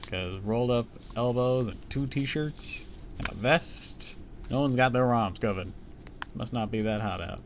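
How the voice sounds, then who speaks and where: A man's voice: medium pitch, a little slow, slight background noise. Chatty man reading a book aloud. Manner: chatty, comments and jokes between passages. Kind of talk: casual read-aloud with asides.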